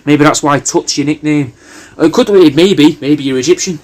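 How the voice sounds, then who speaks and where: A man's voice: fairly high pitch, normal speed, darkish tone. A man, hosting a comedy cameo and riffing in a meandering, sweary monologue. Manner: meandering, sweary, riffing loosely with lots of "mate". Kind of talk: rambling comic monologue.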